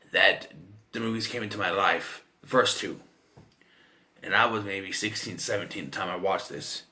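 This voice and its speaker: Rambling through a casual film review, this man in his thirties has a lowish voice with a bright, forceful tone. He curses liberally and keeps starting his sentences over.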